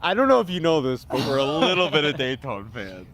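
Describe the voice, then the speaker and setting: A man co-hosting a sports podcast in casual chat, playful and quick to chime in with jokes. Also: on the high side, sing-song, very noisy. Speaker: podcast co-host.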